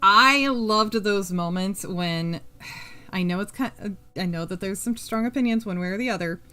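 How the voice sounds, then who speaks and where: A woman's voice: medium pitch, measured pace, bright, forceful tone. A woman hosting a live crafting stream, rambling and chatty, humming to herself and swearing freely. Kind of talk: casual chat while crafting on a live stream.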